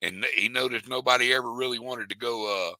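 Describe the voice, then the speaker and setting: Lively drawling storyteller man. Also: mid-range voice, quick pace, no echo, low-quality recording. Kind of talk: casual storytelling chat.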